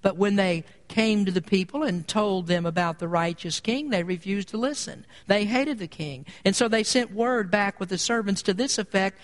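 A man delivers a sermon in a high, ringing voice. He presses his points hard, building to loud peaks on repeated phrases. The sound carries a long reverb, like a church sanctuary. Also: moderate pace, hardly any pauses. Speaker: preacher.

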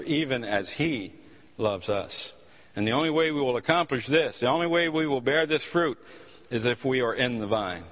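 Preacher in a reverberant church hall. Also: male voice, medium pitch, expressive, normal speed, a bit bright. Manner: impassioned storytelling preacher with repeated restarts. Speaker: pastor. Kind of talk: sermon.

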